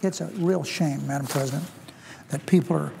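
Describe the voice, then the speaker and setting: A man with a fairly high, mellow voice delivers a formal floor speech as a senator. He speaks deliberately and circles back to repeat key phrases for emphasis. His voice carries the long reverb of a large legislative chamber, picked up by a podium microphone. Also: creaky, slight background noise.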